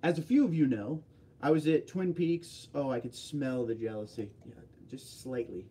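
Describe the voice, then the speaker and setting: A man's voice: fairly high pitch, animated, moderate pace, warm tone, slightly rough. A man hosting a casual livestream, reading viewer comments aloud and answering them offhandedly. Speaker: livestream host.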